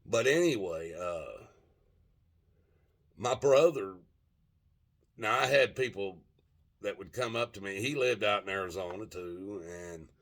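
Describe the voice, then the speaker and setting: Older male vlogger, slightly low voice, loose cussing storyteller who keeps losing his train of thought. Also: animated, a little slow, long pauses, fairly bright tone. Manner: rambling, profane, gropes for words with many fillers. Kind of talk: casual storytelling monologue.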